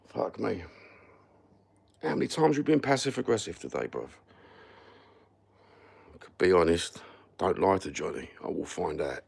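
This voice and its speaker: A man's voice: sits low, animated, normal speed, vocal fry, pauses often. A Cockney man ranting sarcastically and swearing constantly as he chats on a live stream. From London. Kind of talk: casual live-stream rant.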